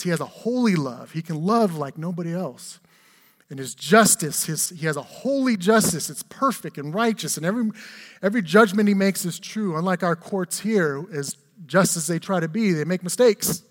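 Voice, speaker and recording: A man in his forties with a high voice preaches a sermon, telling stories with humor and tossing rhetorical questions to his listeners in a conversational way. His voice rings out with the long reverb of a large church hall. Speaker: pastor.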